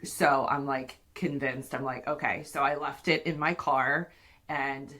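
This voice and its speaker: A woman's voice: extremely low pitch, unhurried. A woman in her thirties hosting a podcast, telling a candid, profane story casually and acting out what she and others said. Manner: candid, profane, animated retelling with acted-out quotes. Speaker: podcast host.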